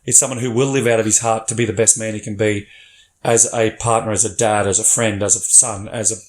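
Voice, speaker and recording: A man's voice: on the low side, brisk. Blunt, swearing man in a roomy space. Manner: blunt, swears freely, animated. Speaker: podcast guest. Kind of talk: candid storytelling chat. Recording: roomy echo.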